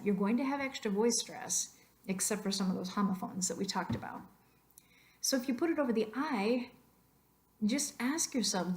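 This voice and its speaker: In a medium-pitched, slightly mellow voice, a Spanish teacher walks through a slideshow lesson. She explains things patiently and reads example words aloud to model their stress.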